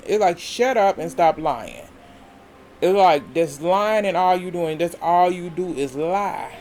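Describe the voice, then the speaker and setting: A man recaps a reality TV episode in loose, casual talk, stopping often to restart his sentences. His voice sits a little high and he takes his time. Faint noise runs under the recording. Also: darkish tone. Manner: rambling, full of hesitations and restarts. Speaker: reality TV reviewer.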